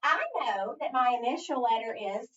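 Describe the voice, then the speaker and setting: A woman's voice: fairly high pitch, normal speed, fairly bright tone. A middle-aged woman teaching phonics to a child, asking patient prompting questions. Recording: echoey, distant, dull recording.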